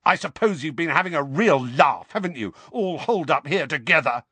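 A resentful teenage boy, played by a man reading a storybook, yells one accusing question after another. His voice jumps up high and rings out in a dry, close recording. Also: animated, a little fast, husky, dry recording, heavily acted. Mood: furious. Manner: shouting angry questions.

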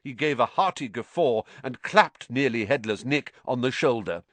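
A man narrating a storybook in an expressive, animated way. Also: medium pitch, moderate pace, no echo. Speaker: audiobook narrator.

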